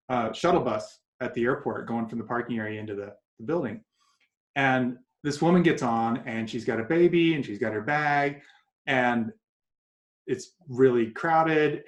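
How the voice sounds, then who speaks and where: A man giving advice as a guest in an interview, animated and acting out quoted voices as he tells stories. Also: medium pitch. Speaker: guest coach. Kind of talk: casual interview talk. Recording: echoey room.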